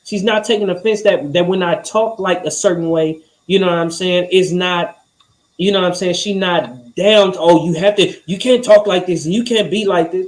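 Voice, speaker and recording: Man, podcast co-host, fairly high voice, casual rambling chat. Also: a little fast, poor audio. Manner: rambling, keeps saying "you know what I'm saying".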